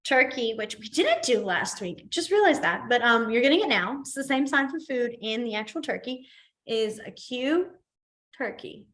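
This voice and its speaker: A woman with a somewhat high voice leads a beginners' class in a library room. She is chatty and pokes fun at herself. She says each word slowly and more than once. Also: big pitch swings, a bit bright. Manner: chatty, self-deprecating, repeats each sign name slowly. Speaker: sign language teacher. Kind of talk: live class instruction.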